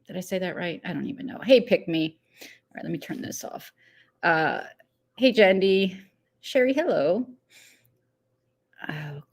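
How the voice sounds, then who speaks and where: A woman's voice: fairly low pitch, animated, a little slow, long pauses. A woman hosting a casual live stream, chatting loosely, laughing easily and greeting viewers one by one by name. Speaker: livestream host.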